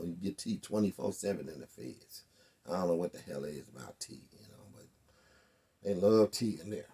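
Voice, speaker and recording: A man's voice: low-pitched, warm tone, breathy edge. A man telling a true story in a casual, wry, profane conversational way.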